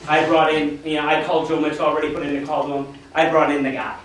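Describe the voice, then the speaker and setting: High-voiced man pitching to a room. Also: fast. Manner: animated storytelling, acting out quoted people. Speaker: business opportunity speaker. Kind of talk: motivational seminar talk. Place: meeting room with an audience. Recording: echoey room, distant mic.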